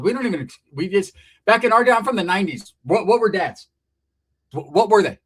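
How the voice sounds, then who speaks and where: Comic storyteller, man in his forties from California, rapid and raunchy, acts out every character. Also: sits high, breathy edge. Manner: profane, animated, acts out voices. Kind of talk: comedic storytelling.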